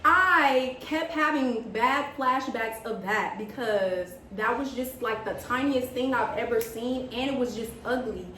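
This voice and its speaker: A young woman vlogger telling a story in casual chat, animated and dramatic, quoting what people said. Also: a little high, a little slow, few pauses, a little hiss or hum. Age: young adult. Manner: animated, dramatic retelling with gasps and quoted lines. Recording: echoey room, mic at a distance.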